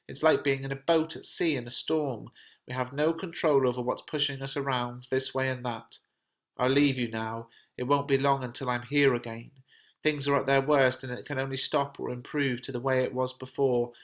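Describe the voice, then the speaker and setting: A man voicing an anxious nobleman consoling his cousin, in a measured, plain reading voice. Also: mid-range voice, a bit bright, lightly acted. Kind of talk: reading a play translation aloud.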